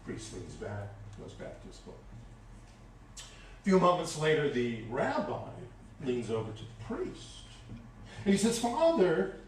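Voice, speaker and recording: A man's voice: medium pitch, huge pitch swings, a little slow, long pauses, recorded from a distance. A man minister preaching a sermon with a folksy storytelling manner. His voice rises and falls a lot. He is heard from away from the mic in a very echoey hall with faint room noise.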